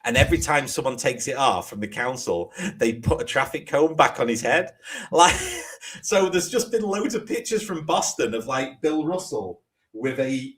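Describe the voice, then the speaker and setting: A man's voice: medium pitch, expressive, normal speed, a bit bright, husky. An English man co-hosting a casual podcast chat over a remote call, laughing often and swearing casually. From England. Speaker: co-host.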